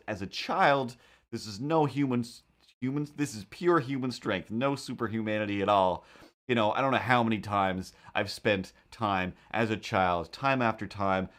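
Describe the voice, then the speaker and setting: Animated man telling a rambling story. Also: on the low side. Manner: animated, acts out quoted voices, rambling asides. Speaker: live-stream host and cartoonist. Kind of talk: casual storytelling on a drawing live stream.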